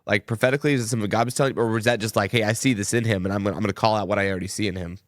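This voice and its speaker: A man's voice: fairly low pitch, fairly even intonation, dry recording, studio quality. A man hosting a podcast interview, asking rambling questions. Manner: quick, short encouraging responses and rambling questions. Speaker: podcast host. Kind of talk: casual interview.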